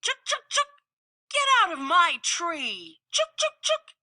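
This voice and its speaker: A woman voicing a fierce, protective old mother squirrel who scolds in shrill chatters. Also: big pitch swings, takes it slowly, sharp tone, no echo, clean studio sound, full character voice. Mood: scolding.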